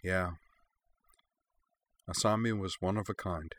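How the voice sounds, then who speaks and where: Casting: man voicing a fond, teasing woman hero, deadpan jokes, low voice, dry sound. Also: normal speed, dry recording. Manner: fond, wry, deadpan humor. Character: warm, teasing woman, the Avatar. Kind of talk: read-aloud fan fiction.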